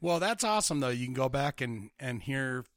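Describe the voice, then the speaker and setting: A man's voice: medium pitch, expressive, moderate pace, a bit bright, no room sound, clean studio sound. A man co-hosting a podcast in casual chat, rambling as he retells scenes. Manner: rambling, acts out quotes of others. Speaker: podcast co-host.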